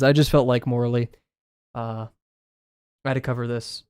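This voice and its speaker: A man's voice: medium pitch, very animated, fairly quick, long pauses, mellow, smooth, no room sound, clean studio sound. Rambling young man chatting on stream. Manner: rambling, self-deprecating, laughing often. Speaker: drawing livestreamer. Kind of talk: casual chat with viewers while drawing.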